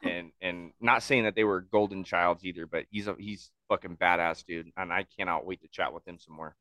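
A man hosting a casual podcast, telling stories in an animated, heavily profane way. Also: low voice, a little fast, dry recording. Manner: animated, swears constantly, excitable storytelling. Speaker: podcast host.

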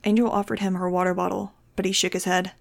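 A woman reads a novel aloud into a home microphone, her voice carrying a gravelly fry at mid pitch. She narrates in the first person with an expressive, wry touch. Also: fast talker. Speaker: audiobook reader.

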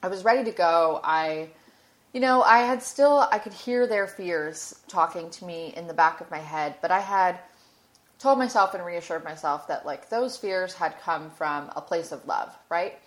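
A woman's voice: fairly low pitch, normal speed. Candid woman telling a personal story. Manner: candid, emotional, swears casually. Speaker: podcast host.

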